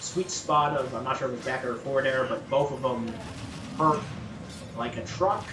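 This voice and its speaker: A man's voice: medium pitch, moderate pace, background noise. A man with a Canadian accent giving casual play-by-play commentary at a gaming tournament, with many ums and uhs. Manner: chatty, lots of ums and uhs. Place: campus gaming tournament room. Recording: roomy sound, mic at a distance, game music behind.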